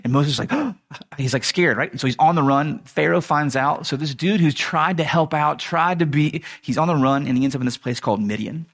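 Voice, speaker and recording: A man's voice: on the high side, brisk, hardly any pauses. A man giving a sermon as a pastor, retelling a story in a casual, humorous way with chuckles and restarts.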